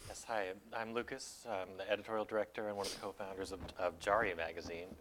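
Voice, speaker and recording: A man's voice: sits low, level tone, fast talker, noisy background. A man introducing his magazine as a panelist at a conference, explaining things eagerly.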